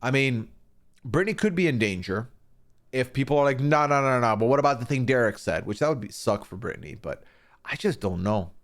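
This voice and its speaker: A man streaming a casual, opinionated recap of a reality show, swearing freely and acting out what people said. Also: mid-range voice. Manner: animated, swearing, acting out quoted lines.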